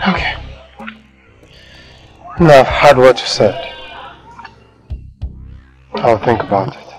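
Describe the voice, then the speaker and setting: A Nigerian-accented actor playing a proud, lovesick young suitor in a film drama, insistent and boastful. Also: male voice, mid-range voice, lively intonation, takes it slowly, soft background music. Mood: pleading. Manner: insistent, pleading then domineering. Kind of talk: Nollywood film acting.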